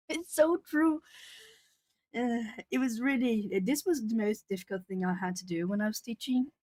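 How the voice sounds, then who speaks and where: A woman's voice: fairly high pitch, darkish tone, no echo. A young woman chatting casually with viewers and reading their comments aloud; she laughs often and repeats or restarts words. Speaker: art channel host.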